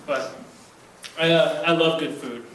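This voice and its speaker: A man's voice: on the high side, measured pace, fairly bright tone, slight background noise. A young man doing a stand-up routine at a church Christmas party, rambling and poking fun at himself, recorded by a far-off camera. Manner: rambling, self-mocking, playful. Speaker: stand-up comedian. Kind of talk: stand-up comedy. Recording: echoey room from far off.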